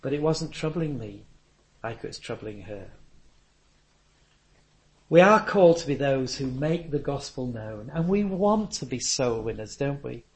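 A man's voice: mid-range voice, lively intonation, unhurried, long pauses. An older man, preaching a sermon with earnest, anecdotal storytelling.

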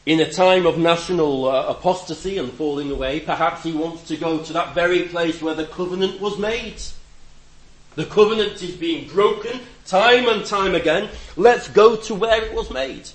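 A man preaching a conversational sermon, reflective with gentle humor and a voice that rises and drops for emphasis. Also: fairly high pitch, normal speed, echoey room, poor audio.

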